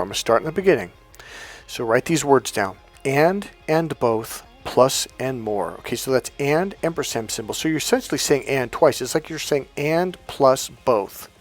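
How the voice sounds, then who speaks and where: Emphatic male coach with faint music. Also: medium pitch. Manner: emphatic, repetitive, chanting mantras. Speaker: life coach. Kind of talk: motivational coaching monologue.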